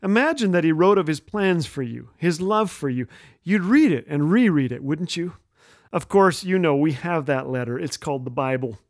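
A middle-aged man hosting a humor radio show, telling stories with wry, gentle jokes and chuckling at his own lines. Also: fairly high pitch, animated, moderate pace, no echo, studio quality.

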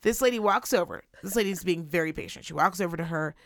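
A woman co-hosting a podcast, telling a profane, animated story and acting out the people in it. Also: lowish voice, fast, dry recording, clean studio sound. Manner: animated, profane, acts out voices. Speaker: podcast co-host. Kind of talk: casual chat, storytelling rant.

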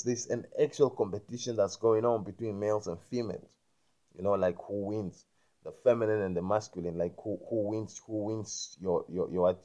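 A man rambling through a spiritual monologue, repeating himself and often checking that the listener understands, growing loud and emphatic when indignant. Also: fairly low pitch. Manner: repetitive, keeps asking "you understand me?".

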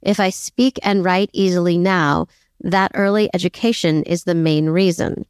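A woman's voice: on the low side, steady tone, normal speed, clear, resonant tone, no room sound. Chatty woman podcast host, pokes fun at herself, dry close mic. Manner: chatty, self-deprecating, laughs often. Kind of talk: casual history podcast chat.

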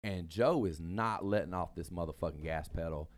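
A man's voice: low-pitched, moderate pace. A man hosting a casual chat, telling a long rambling story full of asides and fillers.

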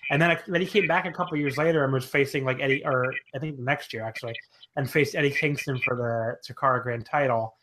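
A man's voice: medium pitch, fairly even intonation, fast talker, noisy background. A man co-hosting a casual wrestling podcast, rambling with many fillers and self-corrections. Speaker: podcast co-host.

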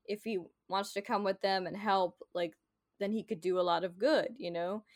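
A woman co-hosting a podcast chats loosely, peppering her talk with filler words and jokey paraphrases of characters. Her pitch is ordinary and middling. The sound is dry and close, with no room in it. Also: steady tone, moderate pace, no room sound. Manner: chatty, heavy on "like" fillers, paraphrases characters playfully. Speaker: podcast co-host. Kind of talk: casual chat.

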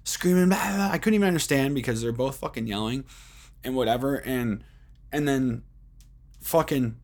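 A man's voice: medium pitch, normal speed, a little mellow. Profane rambling man telling stories. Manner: rambling, heavy swearing, many fillers. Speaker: podcast host. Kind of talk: casual storytelling monologue.

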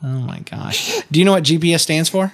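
A man's voice: fairly high pitch, a little fast. A man hosting a casual family video, chatting and teasing his child in a playful way, laughing often. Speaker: parent and video host.

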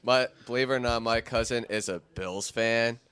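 A man's voice: mid-range voice, steady tone, moderate pace, fairly bright tone, clear, resonant tone. A man co-hosting a sports talk show in easy, laid-back banter. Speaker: co-host.

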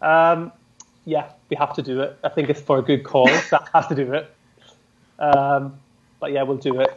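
A man's voice: medium pitch, flat delivery, normal speed, a little hiss or hum. A man who works as an airline cabin manager, chatting easily and laughing often on a video call. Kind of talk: casual video call chat. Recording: dull lo-fi call audio.

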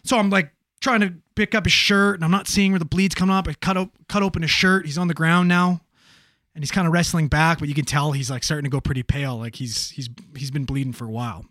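A man who works in emergency medical services, telling a story in casual chat, animated and profane, with many fillers. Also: on the high side, quick pace, no room sound, studio quality.

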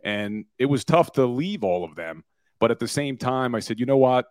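A man's voice: medium pitch, normal speed, no room sound. A man of forty, a former lawyer turned podcaster, telling stories with energy in a casual sports talk interview. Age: 40s. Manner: energetic, storytelling, self-deprecating.

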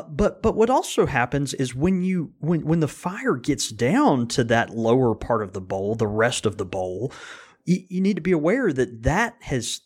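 A man co-hosts a casual podcast, explaining at length with lots of restarts and quick laughs. His voice moves up and down with a lively range as he talks. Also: medium pitch, breathy edge. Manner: rambling, many restarts, laughs often. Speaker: podcast co-host, pipe tobacco blender. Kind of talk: casual chat.

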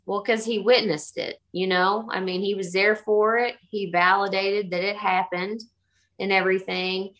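A middle-aged woman telling a ghost story casually in an animated way, acting out the voices she quotes. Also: medium pitch, normal speed. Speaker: guest telling a haunting story.

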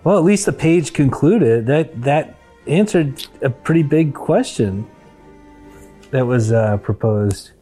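A man hosting a comedy show, talking in a dry, earnest, halting way. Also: mid-range voice, animated, mellow, husky, faint music behind. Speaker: host. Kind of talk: deadpan comedy chat.

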